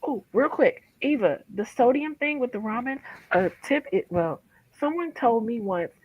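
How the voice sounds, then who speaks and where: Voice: mid-range voice, animated, normal speed, breathy edge. Friendly co-host with a slightly muffled sound. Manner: friendly, gives practical tips, rambling restarts. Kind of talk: casual livestream chat.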